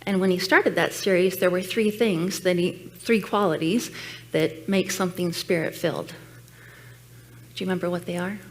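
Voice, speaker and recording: A woman's voice: lowish voice, fairly even intonation, normal speed. A woman giving a personal sermon message at a church, telling her story in an earnest, reflective way. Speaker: guest speaker at church. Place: church sanctuary.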